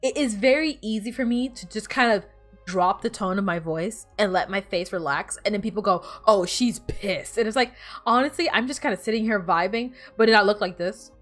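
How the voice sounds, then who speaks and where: A woman's voice: mid-range voice, a little fast, fairly bright tone, faint music behind. A woman streamer chatting casually while playing, rambling and bossing her game characters around. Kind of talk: casual gameplay chat.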